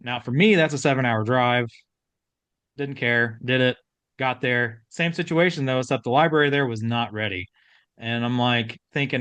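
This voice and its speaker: A man telling a story in relaxed casual podcast chat, with many fillers. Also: medium pitch, moderate pace, clear, resonant tone, dry recording. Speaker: podcast co-host.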